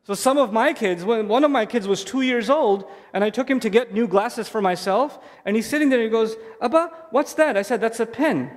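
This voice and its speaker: A middle-aged man giving a lively stage talk to parents, telling stories and repeating key phrases. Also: high voice, fairly quick, few pauses. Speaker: speaker at a family event. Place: hall on stage. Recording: long hall reverb.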